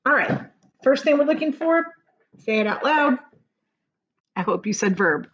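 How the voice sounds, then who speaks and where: A woman's voice: sits high, lively intonation, a little slow, pauses often, fairly bright tone, slightly rough, poor audio. A woman teacher giving a recorded grammar lesson, speaking patiently and encouragingly to young students.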